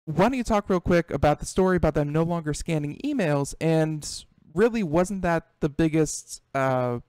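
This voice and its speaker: A man's voice: a little high, expressive, moderate pace, darkish tone, clear, resonant tone, no echo. A man hosting a tech talk show, chatting casually and animatedly with frequent restarts and repeated words. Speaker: radio show host.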